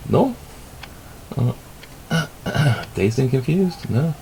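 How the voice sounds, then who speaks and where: A middle-aged man with a low, gravelly voice and a lively, swinging delivery rambles through the news in an offhand, self-amused way. He swears casually and drifts from topic to topic. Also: moderate pace, pauses often, a little hiss or hum, low-quality recording. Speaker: vlogger reading the news.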